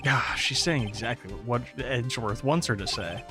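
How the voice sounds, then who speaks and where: A man's voice: medium pitch, moderate pace, hardly any pauses, pushed and bright, faint music behind. A man doing casual gameplay commentary, cracking jokes and sounding exasperated at the game. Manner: joking, exasperated asides. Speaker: gaming YouTuber.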